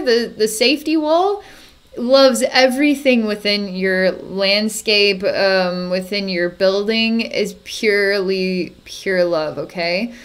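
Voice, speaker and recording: Woman psychic, halting energy-healing narration, fillers and restarts, soft chuckles, medium pitch. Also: clean tone. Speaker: psychic healer.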